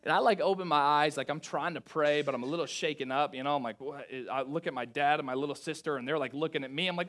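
Young man, pastor, sermon storytelling, high voice, acts out dialogue, quiet intense asides. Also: fast talker, few pauses. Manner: animated, acts out family dialogue with big pitch swings; drops to quiet, intense tones for reflective moments.

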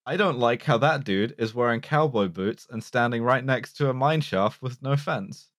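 A man co-hosting a casual podcast, joking and halting with frequent restarts. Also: medium pitch, no room sound, studio quality.

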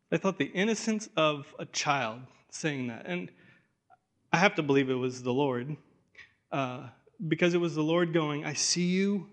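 A man's voice: fairly high pitch, fairly bright tone. A man in his thirties preaching an earnest, emotional sermon, with stumbling restarts and a voice that grows tender. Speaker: pastor.

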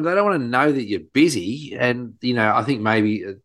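A middle-aged man, co-hosting a podcast as a playful, animated storyteller. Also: mid-range voice, normal speed, no room sound. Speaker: podcast co-host, doctor. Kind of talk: casual podcast chat.

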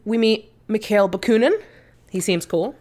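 A woman's voice: medium pitch, normal speed. A woman co-hosting a podcast, chatting casually about a film, swearing freely and laughing often. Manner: swearing, laughing, lively commentary. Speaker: podcast co-host.

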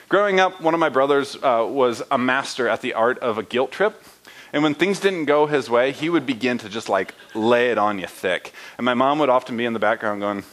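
A man's voice: fairly high pitch, sing-song, fairly quick, fairly bright tone, poor audio. A young adult man preaching a sermon in a conversational way, often asking listeners rhetorical questions and checking in with "right?". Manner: uses fillers and "right?" often. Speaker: pastor.

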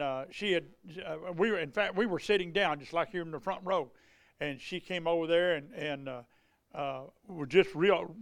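Halting, high-voiced male preacher telling a story. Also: clear, resonant tone, no echo. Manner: halting, many fillers and restarts. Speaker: evangelist preacher. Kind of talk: testimony storytelling in a sermon.

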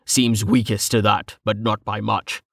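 A man's voice: on the low side, little pitch movement, a little slow, creaky, a bit bright, no room sound, studio quality, full character voice. A man voicing a curt, cursing male archer in an audiobook.

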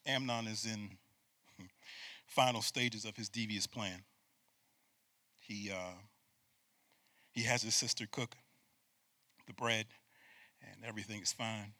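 Forceful, bright-voiced preaching man. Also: lowish voice, slow, pauses often, no echo. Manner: animated preaching, swinging from loud bursts to hushed asides. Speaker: pastor. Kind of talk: sermon with call-and-response.

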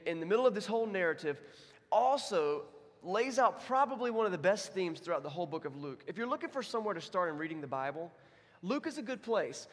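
A man's voice: a little high, big-room sound. A man preaching a sermon as pastor, in a conversational, self-deprecating way. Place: church.

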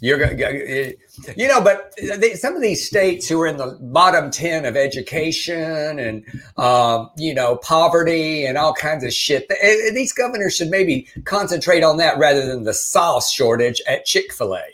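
A man's voice: a little high, expressive, normal speed, a bit bright. An older man, co-hosting a casual news chat show and reading quotes in a mocking tone. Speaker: podcast co-host.

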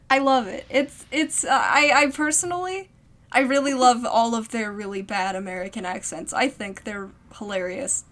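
Young woman podcast host, high voice, laid back pace, giggly goofy chat. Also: a little slow, a bit bright. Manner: giggly, playful, breaks into goofy put-on accents. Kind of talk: casual comedy podcast chat.

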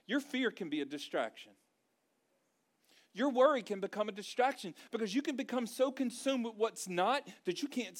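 High-voiced man preaching emphatically. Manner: conversational, emphatic preaching with repeated phrases. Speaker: pastor. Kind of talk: sermon.

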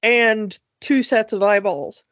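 On a relaxed cartoon review podcast, this co-host speaks slowly in a mid-range, fairly bright voice, enthusiastic and talkative, frequently starting her sentences over. The audio has no room sound and comes across dull.

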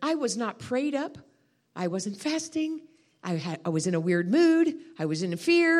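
A woman's voice: mid-range voice, very animated, a little slow. A woman preaching a sermon, telling a personal testimony with heartfelt emotion. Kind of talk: storytelling sermon.

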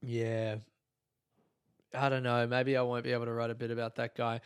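A man's voice: medium pitch, completely flat delivery, normal speed, clean tone, dry recording, clean studio sound. A man, a comedian, talking on his own podcast, rambling and swearing and laughing at his own jokes. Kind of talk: solo podcast monologue.

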